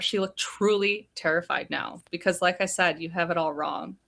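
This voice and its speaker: A woman's voice: lowish voice, moderate pace, gravelly, a little hiss or hum. A woman co-hosting a live book discussion over a video call, retelling scenes and reading passages aloud. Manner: reads book passages aloud in a flat retelling, lively reactions. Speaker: podcast co-host.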